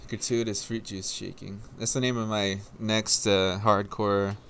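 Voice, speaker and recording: A man's voice: lowish voice, little pitch movement, measured pace, vocal fry, a bit bright, a little hiss or hum. A man co-hosting a live podcast, joking and laughing while commenting on a race, on a headset mic. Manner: joking, chatty, laughs often. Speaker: podcast co-host. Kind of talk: casual live commentary chat. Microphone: headset with headphones.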